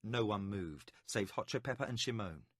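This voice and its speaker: A man narrating an epic fantasy audiobook with a dramatic, expressive delivery. His pitch rises and falls in lively sweeps, and the tone is bright. The recording is close and dry. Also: normal speed, no room sound. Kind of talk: scripted narration.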